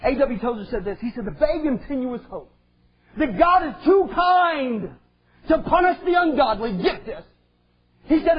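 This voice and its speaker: A male preacher delivering an impassioned sermon, swinging between shouted lines and quiet asides. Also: very high voice. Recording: dull lo-fi sound.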